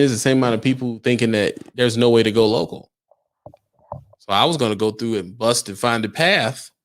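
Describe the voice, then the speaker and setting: Young man, truck driver, casual livestream talk, emphatic, keeps asking the chat questions, mid-pitched voice. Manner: emphatic, rhetorical questions to his audience.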